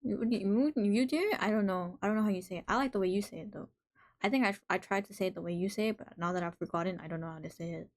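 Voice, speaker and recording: A woman's voice: fairly low pitch, steady tone, very fast. A woman hosting a live stream in casual chat, reading out messages from viewers and reacting to them playfully. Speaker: livestream host.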